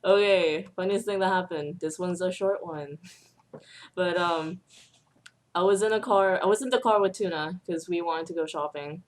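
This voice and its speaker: A young woman with a lowish voice hosts her channel's casual chat while playing a video game, speaking at normal speed. She tells stories and giggles, laughing often between them.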